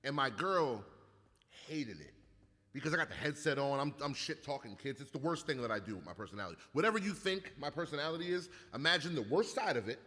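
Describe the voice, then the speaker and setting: A bright, lively man rattles off profane comic stories, jumping between his own voice and the people he quotes. He sounds short on sleep. His voice carries a long hall reverb. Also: a little high, quick pace. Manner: animated, profane, acts out quotes. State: sleep-deprived. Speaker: comedian guest. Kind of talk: casual comedic storytelling.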